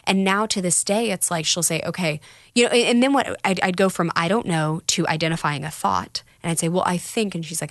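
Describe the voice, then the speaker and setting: A woman's voice: on the low side, fairly quick, no echo, clean studio sound. A woman talking candidly about recovery in a casual podcast chat, telling stories with quoted voices.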